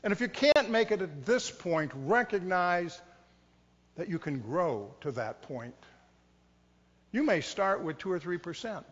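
A man's voice: sits high, expressive, measured pace. A middle-aged man preaching as a pastor, conversational and self-mocking, acting out the inner voices of his listeners. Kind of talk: sermon. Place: church sanctuary. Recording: dull sound, long reverb in a church.

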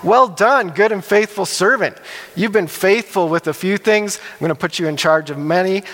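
A wealthy master of an estate speaks with raised, pointed emphasis, as a man acts him out. His voice sits a bit high for a man. A long reverb trails every phrase, as in a large hall. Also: fairly quick, a bit bright, close to an everyday voice. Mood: praising. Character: stern rich male master of an estate.

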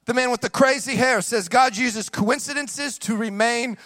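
A young adult man preaching a sermon as pastor, animated, moving from quick hushed asides to drawn-out shouted emphasis, with casual slang asides to the congregation. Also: extremely high pitch, no room sound.

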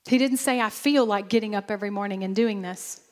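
A woman pastor preaching a sermon, animated and lively, acting out bursts of praise as she goes. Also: mid-range voice, brisk, in a large hall.

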